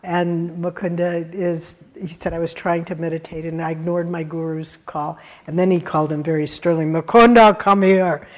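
A woman giving a sermon-style talk, telling spiritual stories in an earnest way with soft laughs. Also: low voice, little pitch movement, normal speed, hardly any pauses.

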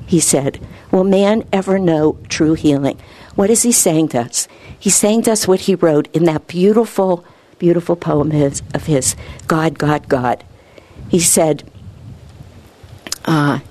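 Earnest woman with a dark, mellow voice. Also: normal speed, no echo. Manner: rambling, earnest, rises in pitch when excited. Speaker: spiritual speaker. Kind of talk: informal spiritual talk.

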